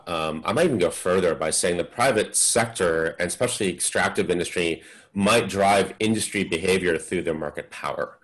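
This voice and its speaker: A man speaking as a guest expert on a webinar panel over a video call, giving measured explanations. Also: low-pitched, low-quality recording.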